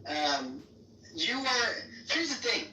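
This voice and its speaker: A young man with a squeaky, nasal voice argues in halting bursts full of restarts. His tone is very bright and sharp. He sounds set back from the mic in a roomy space. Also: big pitch swings, far from the mic, slight background noise. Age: young adult. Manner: halting, stammering, with nervous repeats. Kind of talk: heated online voice-chat argument.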